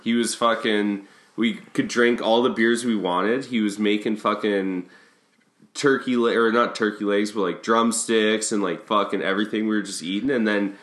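A man's voice: on the low side, steady tone, normal speed, fairly bright tone, roomy sound. A man co-hosting a podcast, telling rowdy stories in casual chat with heavy swearing. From Canada. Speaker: podcast co-host.

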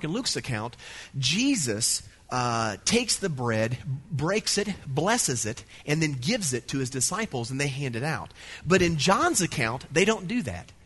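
A middle-aged man from the United States preaching a sermon, emphatic and animated, with playful asides. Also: fairly high pitch, breathy edge. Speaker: pastor.

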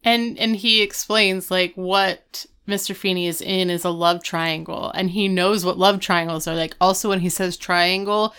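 Smooth-voiced woman recapping an episode. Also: fairly low pitch, normal speed, hardly any pauses. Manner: lively, detailed scene-by-scene retelling. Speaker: podcast co-host. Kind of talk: casual chat, recapping a TV episode.

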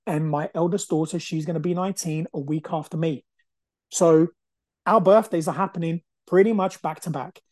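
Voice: medium pitch, moderate pace, a little mellow, no echo. A podcast host in their forties, talking through a personal story in an emphatic, determined way and repeating phrases for stress. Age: 40s.

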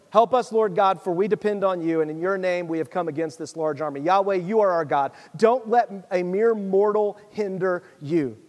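High-voiced preacher in a reverberant hall. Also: male voice, darkish tone. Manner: conversational preaching, reads scripture then urges the listeners. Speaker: pastor. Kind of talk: sermon.

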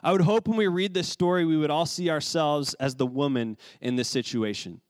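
A man's voice: medium pitch, no room sound. A man preaching a sermon as pastor, in a conversational way with casual asides.

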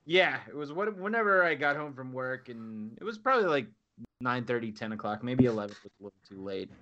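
A man's voice: mid-range voice, sing-song, fairly quick, sharp tone, dull audio. A man co-hosting a casual podcast chat, telling stories and acting out what people said. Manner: storytelling, acting out quotes. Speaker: podcast co-host.

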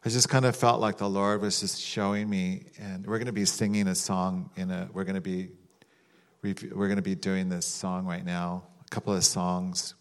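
Low-voiced man preaching conversationally. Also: level tone, moderate pace. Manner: conversational, rambling, acts out mock voices with laughter. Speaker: pastor. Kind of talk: sermon with prayer.

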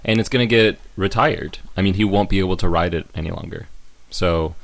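A man's voice: deep voice, a little fast, vocal fry. A man co-hosting a casual comedic podcast, understated, with dry humor. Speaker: podcast co-host.

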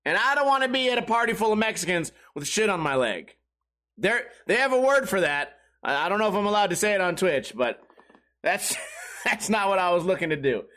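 A man with a rather high voice tells crude, profanity-laced stories as a podcast host. He rambles from one bit to the next, laughs at his own jokes, and jumps into the voices of the people in his stories. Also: big pitch swings, fairly quick, sharp tone. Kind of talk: comedic storytelling monologue.

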